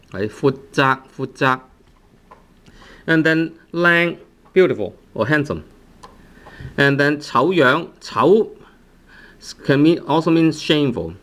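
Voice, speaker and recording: A man's voice: a little high, expressive, measured pace, long pauses, fairly bright tone. A man with a Cantonese accent teaching a vocabulary lesson. He repeats each word many times and often checks in with the learner. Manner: patient, repeats words many times, frequent "right?" check-ins. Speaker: language teacher. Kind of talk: vocabulary lesson with slow repetition drills.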